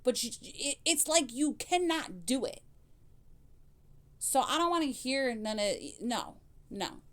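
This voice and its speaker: A woman's voice: sits high, big pitch swings, slow pace. Blunt woman scolding in commentary. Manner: blunt, scolding, swears freely. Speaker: commentary channel host. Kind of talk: reaction commentary.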